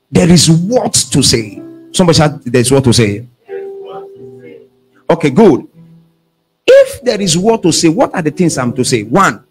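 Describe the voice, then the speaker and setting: High, lively preaching pastor, husky. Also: male voice. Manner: call-and-response preaching, shouting at peaks. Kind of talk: sermon.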